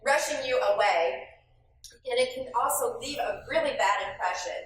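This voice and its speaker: A woman running a new hire training for restaurant staff, lively and hands-on, calling on people by name and acting out sample lines for the room. Her slightly high voice is picked up from a distance, with heavy echo from a large room and a faint hiss behind it. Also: moderate pace. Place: training room with a live audience. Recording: very echoey room, voice from far off the mic.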